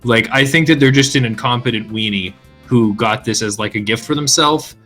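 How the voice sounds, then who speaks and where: A man in a casual group chat, sarcastic and deadpan. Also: mid-range voice, normal speed, faint music behind. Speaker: podcast co-host.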